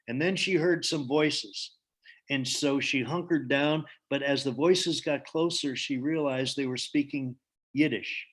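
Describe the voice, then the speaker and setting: A man's voice: mid-range voice, unhurried, fairly bright tone. Guy telling a story to a group, earnest, lots of ums. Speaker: speaker. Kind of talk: storytelling talk.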